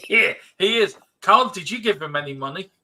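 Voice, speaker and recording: A man with a fairly high, very bright and forceful voice hosts a home football watch-along stream. He jumps between playful banter and excited match calls, laughing often as he goes. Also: normal speed. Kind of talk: joking live match commentary. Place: home streaming setup with a TV behind him.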